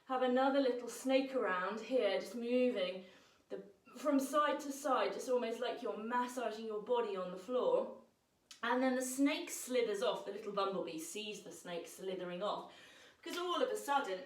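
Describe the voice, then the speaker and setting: A woman leading a children's yoga lesson, gentle and encouraging, telling a playful story as she guides the moves. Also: a little high, roomy sound, distant mic, low-quality recording.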